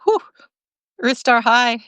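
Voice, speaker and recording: A woman hosting a live video, reading out viewer comments and answering in an animated way, laughing often and restarting her sentences. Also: a little high, slow pace, dry recording. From lived in Chicago, now in California. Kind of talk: casual live-stream talk.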